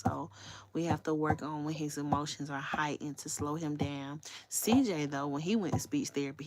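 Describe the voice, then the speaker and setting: Talking straight to her audience, a livestream host chats candidly and casually, cursing without restraint. She's a woman with a low-pitched voice, and there's a slight hiss or hum in the recording.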